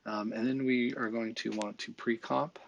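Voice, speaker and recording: A man talking through a software tutorial in a casual, think-aloud way, with fillers and small asides as he works. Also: medium pitch, fairly even intonation, normal speed, vocal fry, lo-fi sound, slight background noise. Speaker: visual effects tutorial instructor. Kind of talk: screen-recorded software tutorial.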